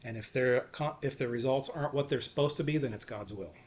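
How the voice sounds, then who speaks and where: A man giving an earnest, self-encouraging faith talk, repeating short phrases and often trailing off softly. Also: mid-range voice, fast talker. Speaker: faith vlogger. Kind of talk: personal faith talk to camera.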